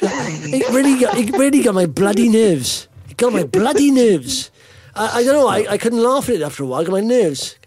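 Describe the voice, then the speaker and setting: A Welsh man co-hosting a podcast, telling stories in a rambling, animated way with lots of ums. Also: high-pitched, normal speed. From Wales. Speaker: podcast co-host. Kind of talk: casual chat.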